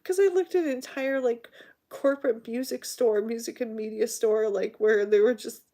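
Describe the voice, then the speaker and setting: A woman's voice: on the high side, normal speed. A woman in her forties, a radio show host, telling a rambling story in casual chat and acting out the dialogue. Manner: rambling, animated, acts out quoted dialogue.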